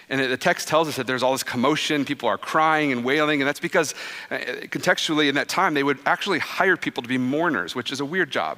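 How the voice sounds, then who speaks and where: A man in his thirties, a pastor giving a conversational, animated sermon that drops soft and low for quoted words. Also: fast talker. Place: church sanctuary. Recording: long reverb of a church hall.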